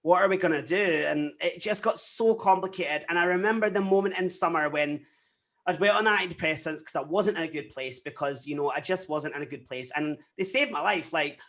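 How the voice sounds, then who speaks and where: In casual interview chat, a young Scottish man with a somewhat high voice for a man talks rapidly and frankly. He tells his stories with animated energy, constantly quoting what people said along the way.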